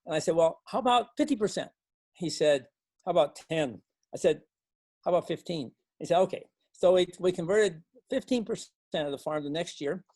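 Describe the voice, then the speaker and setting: An older man, a farmer from Montana, telling a halting, folksy story to a club meeting, with many restarts. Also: on the high side, a little mellow, dry recording. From Montana, USA. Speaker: guest speaker, organic farmer. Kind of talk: storytelling talk.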